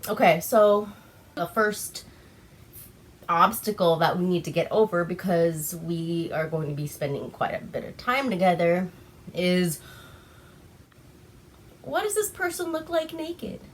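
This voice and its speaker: Lady doing a confident guy, earnest and matter-of-fact, kinda slow. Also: on the low side, expressive, slight background noise. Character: self-assured man proposing something awkward.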